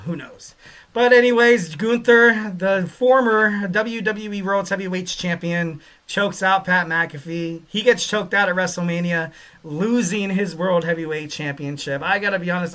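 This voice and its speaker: A man's voice: fairly high pitch, pushed and bright. Rambling male wrestling podcast host. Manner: rambling, heavy on fillers like "you know"; laid-back slang. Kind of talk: casual wrestling podcast talk.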